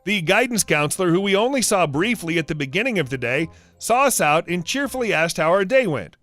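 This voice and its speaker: A man narrates online stories with a bright, high voice that swoops up and down. His reading is lively and dry, close to the mic. Soft music plays beneath him. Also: dry recording. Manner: lively storytelling with acted quotes. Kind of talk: reading reddit stories aloud.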